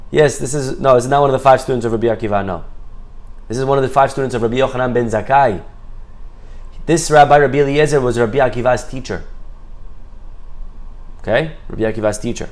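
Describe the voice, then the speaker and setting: A man's voice: medium pitch, fast talker, long pauses. A man teaching a Torah class, telling a story with Hebrew phrases mixed in and acting out the characters' voices. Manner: lively storyteller, acts out quoted voices.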